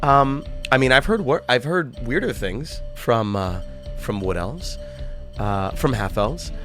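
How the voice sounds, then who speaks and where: A man's voice: mid-range voice, expressive, slow, fairly bright tone, soft background music. A man voicing a large, nosy male mechanical beholder monster with a clipped, mechanical way of talking in a tabletop game. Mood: curious.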